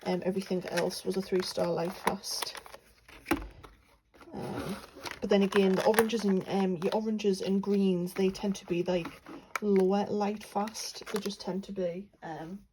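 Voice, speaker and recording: A woman's voice: medium pitch, level tone, unhurried, noisy background. A young woman from England chatting casually about her paints, rambling with lots of fillers. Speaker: art vlogger. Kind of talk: casual chat while swatching paints.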